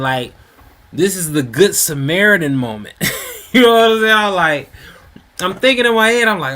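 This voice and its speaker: A man's voice: high voice, expressive, normal speed, sharp tone. A man telling a street story in a loose, rambling way, full of slang and fillers. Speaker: storyteller host. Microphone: home mic.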